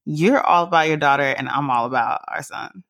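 A woman's voice: deep voice, normal speed, gravelly, fairly bright tone, dry recording, clean studio sound. A young woman hosting a podcast, chatting casually and teasing her partner, laughing often. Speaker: podcast host. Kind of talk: casual chat.

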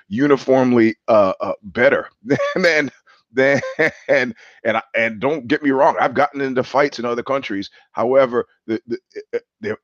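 A man's voice: on the low side, no room sound. A man hosting a live-streamed solo monologue on a headset mic, rambling and wry, often poking fun at himself. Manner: rambling, wry, self-mocking. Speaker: show host. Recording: dull dry lo-fi stream audio.

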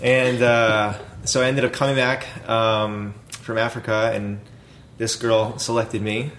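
Rambling low-voiced man, full of fillers. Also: little pitch movement, unhurried, fairly bright tone, a little hiss or hum. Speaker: food company founder. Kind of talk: casual interview talk.

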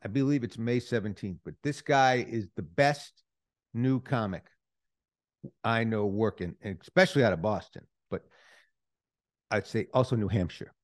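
A man's voice: lowish voice, normal speed, long pauses. A man hosting a podcast, talking casually in a loose, rambling way with asides. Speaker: podcast host.

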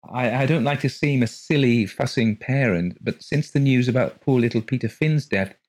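A man's voice: medium pitch, moderate pace, a little mellow, pitched above the performer's own voice, lightly acted. A man voicing an anxious young mother who talks politely and hesitantly, stammering as she apologizes.

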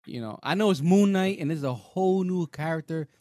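A man co-hosting a casual show chat, talking in an animated, rambling way with lots of fillers. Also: a little high, brisk, no room sound, clean studio sound. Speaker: podcast co-host. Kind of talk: casual chat reviewing a TV episode.

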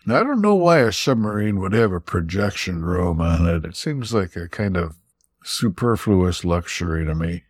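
A man's voice: sits low, sing-song, moderate pace, breathy edge, no echo. A man co-hosting a podcast in casual chat, retelling scenes and quoting the dialogue. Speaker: podcast co-host.

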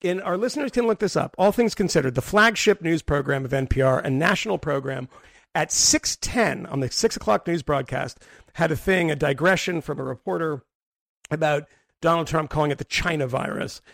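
A man's voice: on the high side, brisk, creaky, a bit bright, no echo, clean studio sound. A man co-hosting a podcast in casual chat, rambling and restarting his sentences, often breaking into laughter. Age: adult with a daughter. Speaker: podcast co-host.

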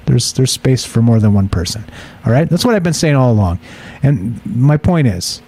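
A man's voice: medium pitch, lively intonation, normal speed, dark tone. A man hosting a late-night call-in radio show, ranting conversationally and swearing now and then.

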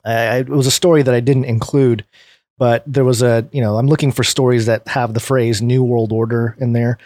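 A man's voice: mid-range voice, little pitch movement, a little fast, a little mellow, no echo. Man, American accent, podcast host, rambling casual talk, dry close sound. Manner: rambling, lots of fillers and restarts. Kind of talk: casual podcast chat and reading news aloud.

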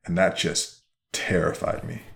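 Man, very deep voice, gravelly, monotone, podcast host. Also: measured pace, a little hiss or hum. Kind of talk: casual conversation, responding to an exercise.

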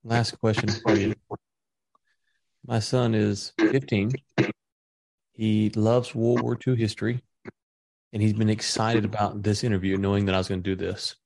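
A man's voice: lowish voice, little pitch movement, measured pace, gravelly, long pauses, a little mellow, rough recording. A middle-aged man interviewing, who gropes for words as he poses his question. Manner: searching for words while posing a question.

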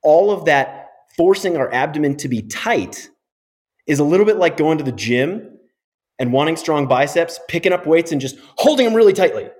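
A man's voice: on the high side, lively intonation, normal speed, darkish tone. Middle-aged male physio guest, emphatic explainer, interview podcast.

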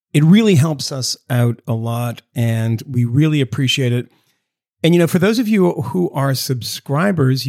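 Co-hosting a podcast from his home video setup, a man rambles, jokes, swears from time to time and tosses off quick mock voices in casual conversation. His medium-pitched voice is gravelly and a little mellow, with clean studio sound and no room sound.

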